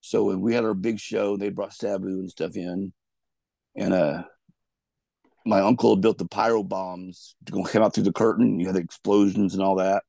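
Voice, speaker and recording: Low gravelly man, dry. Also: fairly even intonation, moderate pace, mellow, dry recording. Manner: rambling, loose storytelling with restarts. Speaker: guest, former pro wrestler. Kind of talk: casual storytelling interview.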